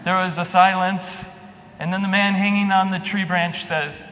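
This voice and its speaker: A man's voice: high-pitched, fairly even intonation, normal speed, pushed and bright. A man giving a sermon as a priest, telling a story in a conversational way with restarts and fillers. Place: church. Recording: long reverb, faint hum.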